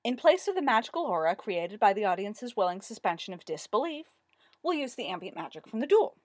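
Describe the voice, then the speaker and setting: Lady doing a high shrill know-it-all wizard guy, smug and insistent, dry close read-aloud. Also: big pitch swings, fairly quick, dry recording. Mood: eager. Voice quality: high-pitched, loud, insistent. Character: pompous know-it-all male wizard, middle-aged.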